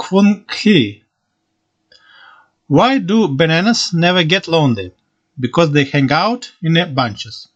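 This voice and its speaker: A man hosting a joke podcast, reading one-liners in a slow deadpan way with occasional slips and restarts. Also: a little high, dull audio.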